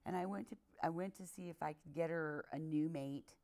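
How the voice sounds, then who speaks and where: A woman with a notably deep voice and a gravelly fry running through her speech. She chats casually on a podcast, often giving short supportive replies and sometimes telling her own stories. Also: a little fast, a little mellow. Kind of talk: casual chat.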